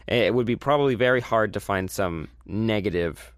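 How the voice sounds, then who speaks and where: A man with a slightly low voice co-hosts a casual movie review chat. He rambles enthusiastically, restarting his sentences as he goes. The sound is dry and close, with no room echo. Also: normal speed. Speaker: movie review podcast host.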